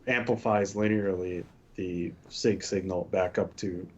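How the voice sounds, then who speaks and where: A man co-hosting a casual tech talk, halting as he explains technical ideas with examples. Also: sits low, steady tone, breathy edge, lo-fi sound. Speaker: podcast co-host.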